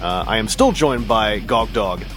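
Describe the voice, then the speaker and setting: A man's voice: lowish voice, expressive, a little slow, fairly bright tone, soft background music. A man hosting a casual podcast chat, rambling and self-mocking with dry sarcasm. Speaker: podcast host.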